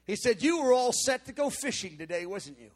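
A middle-aged man, a pastor telling a story in a sermon, acting out voices with sudden shouts and quiet mutters. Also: very high-pitched, big pitch swings, fairly quick.

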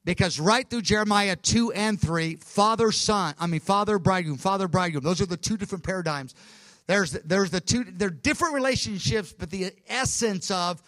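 A man preaching a Bible teaching, fervent and emphatic, with quick asides and self-corrections. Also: high voice, fairly bright tone, no room sound. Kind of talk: sermon-style Bible teaching.

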